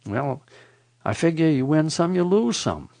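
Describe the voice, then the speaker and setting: An older man hosting a radio show, telling a folksy comic story in a wry, deadpan way. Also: fairly high pitch, unhurried, vocal fry, no room sound. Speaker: radio host.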